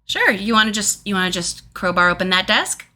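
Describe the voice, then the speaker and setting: Give me a bright-voiced woman narrating as a casual, playful game master. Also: mid-range voice, animated, fairly quick. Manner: casual and playful, swears freely.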